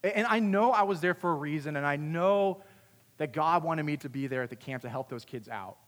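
A young man giving a youth talk, telling a funny story about himself in an animated way. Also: fairly high pitch, a little fast. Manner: animated, self-deprecating storyteller. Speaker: youth camp speaker. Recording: long hall reverb.

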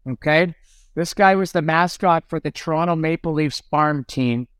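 A man's voice: fairly high pitch, normal speed, fairly bright tone, clean tone, dry recording. A man in his fifties, a former hockey goalie and podcast guest, telling anecdotes casually and acting out the lines he quotes.

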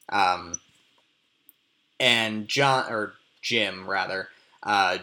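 A man's voice: mid-range voice, slow, bright, forceful tone. A man in casual film discussion, explaining plot and context at length with frequent restarts. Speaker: podcast co-host discussing a film.

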